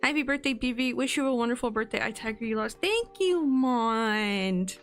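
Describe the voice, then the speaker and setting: Young woman streamer reading bday messages, giggly and teary, kinda high voice, faint music behind. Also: expressive, moderate pace. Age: 20s. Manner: giggly and emotional, laughing often. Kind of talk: casual livestream chat, reading birthday messages.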